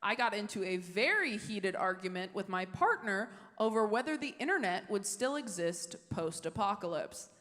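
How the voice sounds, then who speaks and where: A woman's voice: mid-range voice, sing-song, normal speed, hardly any pauses. A woman doing stand-up comedy and chatting with the crowd, rambling along in a self-amused way. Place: comedy club stage with audience. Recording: noisy live club recording.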